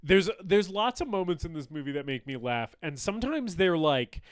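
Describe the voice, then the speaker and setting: Lively, clear-voiced young man chatting. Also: on the high side, moderate pace, no echo, studio quality. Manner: animated, laughs often, acts out scenes. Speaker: podcast co-host. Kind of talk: casual film discussion.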